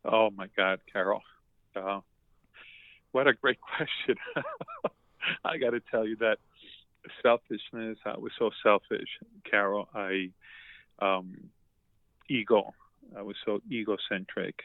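A man's voice: on the low side, slow, pauses often, no echo. A man talking as a podcast guest, telling a heartfelt story with emotion, repeating words and restarting often. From Colombia. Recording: dry, tinny phone-like line.

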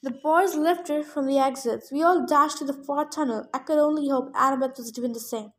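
A woman reading a novel aloud in first person, with steady storytelling. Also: high voice, moderate pace. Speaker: reader.

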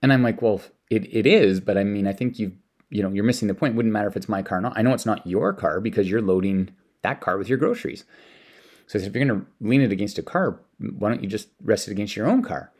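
Speaking fast in a lowish, darkish voice, a Canadian man relates casual stories about lessons he's shared with his young son. He rambles, frequently repeating words and restarting his sentences.

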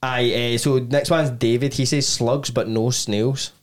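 A man's voice: medium pitch, steady tone, measured pace. A Scottish man co-hosting a podcast, chatting casually, joking and reading out listener messages. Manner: laughing banter, reads out listener messages. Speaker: podcast co-host. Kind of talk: casual chat.

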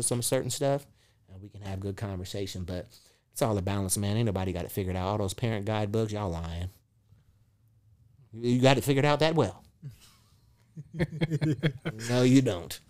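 Speaking in a lowish voice at a moderate pace with long pauses, a middle-aged motivational speaker chats casually on a podcast. He is an animated storyteller who voices the dialogue in his stories and swears freely.

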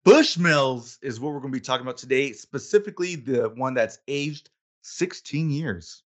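A man hosting a whiskey podcast in casual chat, laid-back and quick to laugh. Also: medium pitch. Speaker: podcast host.

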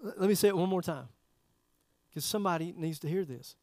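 High-voiced pastor preaching folksy. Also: male voice, brisk, a little mellow, no room sound. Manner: conversational, folksy preaching with direct audience questions. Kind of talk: sermon. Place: church service.

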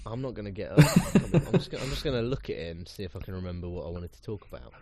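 A man, co-hosting a casual podcast chat with an animated, swearing, self-mocking manner. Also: deep voice, racing, crowd noise. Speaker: podcast co-host.

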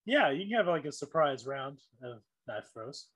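A man's voice: medium pitch, very animated, normal speed, a bit bright, slightly rough. A man running a tabletop game as dungeon master, narrating with easy laughs.

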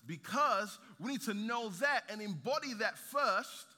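A man preaching a sermon, lively, with rhetorical questions and light humor. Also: high voice, unhurried. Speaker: pastor. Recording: reverberant hall.

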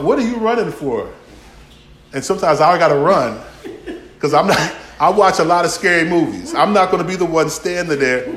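A man preaching a sermon, telling lively stories and acting out dialogue. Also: a little high, echoey room, a little hiss or hum.

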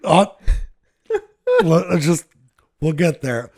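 Casual co-host, man, higher-pitched, profane storyteller who rambles and laughs at himself. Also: slow pace, a little mellow, no echo, clean studio sound. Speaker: podcast co-host telling a story.

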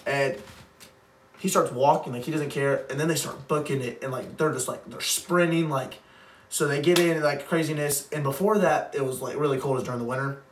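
A man's voice: a little high, a little fast. Young male co-host, rambling storyteller who laughs a lot; off-mic, echoey room, light hiss. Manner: rambling, laughs often, heavy use of "like". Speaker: podcast co-host. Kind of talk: casual storytelling chat. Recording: roomy, distant mic, faint background noise.

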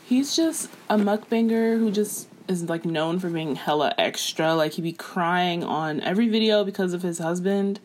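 A young woman co-hosting a casual gossip chat, laid-back and slangy with quick reactions. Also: lowish voice, a little mellow, a little hiss or hum.

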